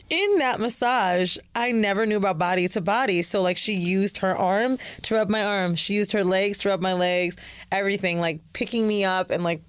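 Woman, podcast co-host, blunt and frank, mid-pitched voice, dry close sound. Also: clean tone, dry recording. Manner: blunt, frank, matter-of-fact storyteller. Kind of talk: casual chat.

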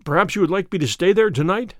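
A man's voice: sits high, lively intonation, fast talker, no echo, clean studio sound. A man reading an audiobook, voicing an earnest, recovering young man. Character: weak young male convalescent client, eager.

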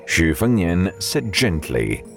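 A man narrating an audiobook with measured storytelling and faint music behind. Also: deep voice, big pitch swings, gravelly.

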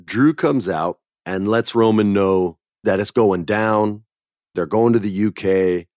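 A man's voice: on the low side, slow pace, darkish tone, no room sound, clean studio sound. A man hosting a podcast, telling stories in a laid-back casual chat, dropping dude and man. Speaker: podcast host.

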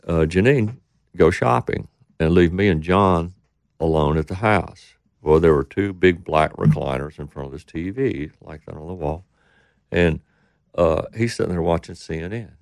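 A man's voice: low voice, vocal fry, no room sound, studio quality. A middle-aged man telling a rambling story in casual talk, acting out the voices of the people he quotes. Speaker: interview guest.

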